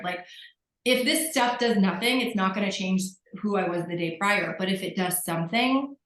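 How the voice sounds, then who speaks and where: A woman's voice: mid-range voice, normal speed, a bit bright, echoey room, poor audio. A woman telling her story candidly on a group call, acting out what people said. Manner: candid, self-mocking storyteller who acts out quotes.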